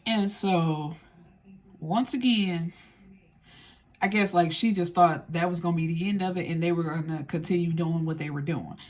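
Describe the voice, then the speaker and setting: A woman's voice: lowish voice, normal speed, a little mellow. A woman recapping a film in a casual, blunt and slangy way, swearing freely as she retells the story. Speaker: film reviewer.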